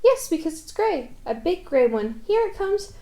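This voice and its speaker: A woman voicing a simple, kindly male toy bear who talks gently and hesitantly. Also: very high voice, very animated, normal speed, voice pushed up, exaggerated voice. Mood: gentle.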